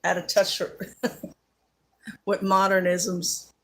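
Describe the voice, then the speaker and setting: Woman, Central New Jersey accent, live-stream host, casual chat, slow unhurried pace, chatty, frequent laughter, lots of fillers. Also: mid-range voice, completely flat delivery.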